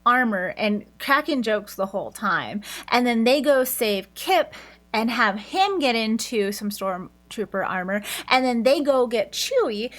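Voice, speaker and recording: A woman's voice: on the high side, fairly bright tone. A woman doing a casual book review, retelling the plot in a chatty way with lots of fillers and self-corrections.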